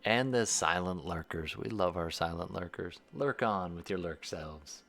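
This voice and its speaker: Low-voiced man running a tabletop game. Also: measured pace, creaky, heavy background noise. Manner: relaxed, apologetic, chatty narration. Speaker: game master.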